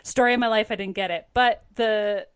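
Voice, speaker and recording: A woman's voice: medium pitch, fairly even intonation, brisk, clear, resonant tone, no echo. A woman co-hosting a podcast in casual chat, rambling and self-deprecating, laughing often. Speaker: podcast co-host.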